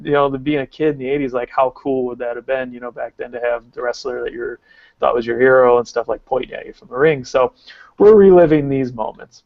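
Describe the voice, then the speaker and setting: A man in his thirties tells a wild story on a podcast, his voice gravelly and fry-heavy. He rambles excitedly and leans on "like" constantly. The recording is dry but slightly muffled. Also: medium pitch, quick pace, dry recording. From Arkansas. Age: 30s. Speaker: podcast co-host. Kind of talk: casual storytelling.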